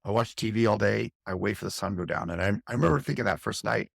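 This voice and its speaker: Deep gravelly middle-aged man, intense. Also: animated, fast, few pauses, no room sound, studio quality. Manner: intense, vivid recounting with frequent restarts. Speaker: fire captain, podcast guest. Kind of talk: candid interview storytelling.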